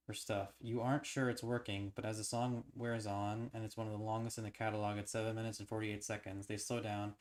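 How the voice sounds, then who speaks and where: A man streaming as he reads an interactive horror novel aloud, now and then tripping over words and breaking off to theorize eagerly. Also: fairly low pitch. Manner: stumbles and restarts while reading, then breaks into excited theorizing. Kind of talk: reading a novel aloud on a livestream.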